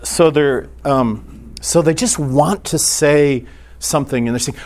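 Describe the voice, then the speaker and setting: A man teaching a church class in an earnest, halting way, restarting his sentences often. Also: medium pitch, a little mellow.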